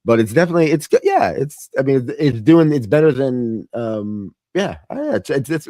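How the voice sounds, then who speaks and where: A man's voice: medium pitch, sing-song, brisk, darkish tone, no echo, studio quality. A man hosting a casual chat about films, rambling, often laughing, trailing off and restarting. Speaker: host.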